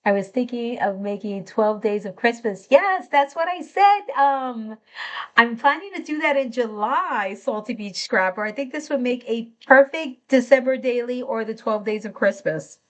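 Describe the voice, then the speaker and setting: A woman's voice: on the high side, lively intonation, normal speed. A middle-aged woman hosting a live craft tutorial, chatting enthusiastically and greeting viewers by name as she works.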